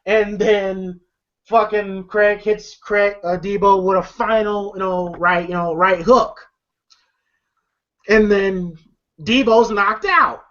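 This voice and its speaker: A man's voice: high-pitched, fairly even intonation, takes it slowly, fairly bright tone. Rambling, profane man reviewing a movie. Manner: rambling, profane, laughs often. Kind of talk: casual commentary. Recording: lo-fi dull audio.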